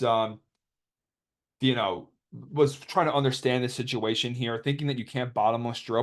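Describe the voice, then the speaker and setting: Rambling young man commentating replays. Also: medium pitch. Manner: rambling, joking, quotes others in put-on voices. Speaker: YouTuber narrating card game replays. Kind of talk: casual commentary over gameplay.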